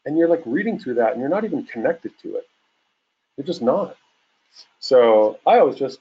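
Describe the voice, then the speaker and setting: A man in his forties giving a casual webinar talk as a real estate coach, acting out phone calls in a lively way. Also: medium pitch, moderate pace, husky, highs cut off. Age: 40s. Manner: casual, animated, acts out calls.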